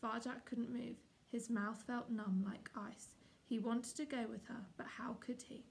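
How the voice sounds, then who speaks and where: A woman, a teacher, reading a children's chapter book aloud in a steady, expressive way. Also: on the high side, unhurried, gravelly, slight background noise. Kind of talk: storybook read-aloud.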